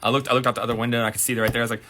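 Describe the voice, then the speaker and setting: Fast-talking bartender man, swearing freely. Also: medium pitch, background noise. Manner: profane, animated retelling with acted quotes. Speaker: bartender and restaurant manager. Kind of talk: casual story time.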